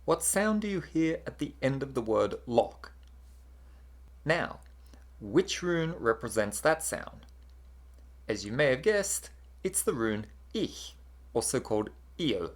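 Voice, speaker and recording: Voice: medium pitch, very animated, slow pace, pauses often. A narrator reading a scripted lesson on accents and vowel sounds in an explanatory way.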